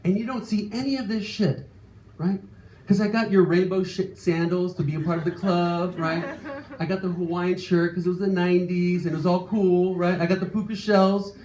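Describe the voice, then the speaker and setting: A man in his late thirties telling a self-deprecating personal story live on stage, animated and exasperated in places. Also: high-pitched, normal speed. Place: stage before a live audience. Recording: echoey room, faint ambience.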